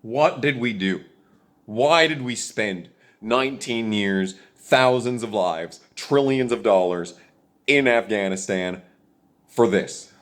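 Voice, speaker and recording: A young video creator delivers an angry, profane political rant to his viewers, bitter and heated, and he keeps repeating his points. His voice is on the low side with a fairly bright tone, and he takes it slowly.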